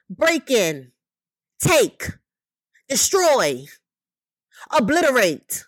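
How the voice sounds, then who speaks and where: A woman's voice: high voice, sing-song, takes it slowly, no echo. Emphatic, profane woman ranting. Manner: emphatic, profane, rhetorical questions, repeated "you know what I mean". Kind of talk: impassioned commentary monologue.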